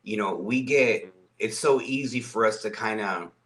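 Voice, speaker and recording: A man's voice: on the low side, moderate pace, fairly bright tone. A man, a guest on a podcast, talking casually and earnestly, often repeating and restarting his words. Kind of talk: casual conversational storytelling.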